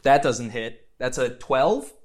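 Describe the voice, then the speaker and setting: A man's voice: mid-range voice, lively intonation, slow pace. A man running a tabletop game as game master, narrating with playful, vivid descriptions and frequent laughter.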